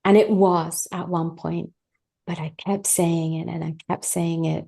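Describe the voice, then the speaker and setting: Gravelly-voiced woman telling a story. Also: medium pitch. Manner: animated, vivid storytelling that acts out her own past words; candid and chatty, talks straight to the listeners. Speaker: podcast guest. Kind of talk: personal storytelling in an interview.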